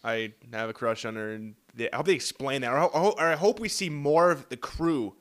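A young man co-hosting a casual chat about a TV show, excitable and profane, often jumping into quoted voices. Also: mid-range voice, a little fast. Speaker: podcast co-host.

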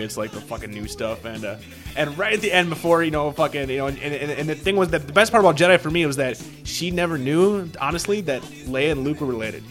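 Fast-talking, bright-voiced man telling stories. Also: fairly high pitch. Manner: profane, rambling storyteller with many restarts. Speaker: podcast co-host. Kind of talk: casual chat.

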